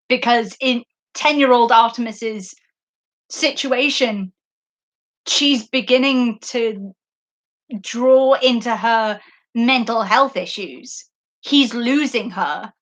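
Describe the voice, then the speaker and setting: A woman's voice: a little high, a bit bright. A woman podcast host in a casual livestream book discussion, talking effusively and emotionally, often laughing and using fillers.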